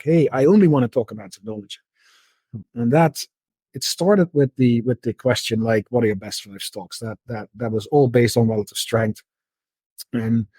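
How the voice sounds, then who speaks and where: A middle-aged man with a husky, slightly breathy voice speaks as a podcast guest. He explains his ideas in a loose storytelling manner, stumbling over and repeating words as he goes. The recording is dry and close, with no room sound. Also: medium pitch, no echo. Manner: repeats words and restarts often, relaxed storytelling. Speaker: podcast guest, market analyst. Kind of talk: conversational interview.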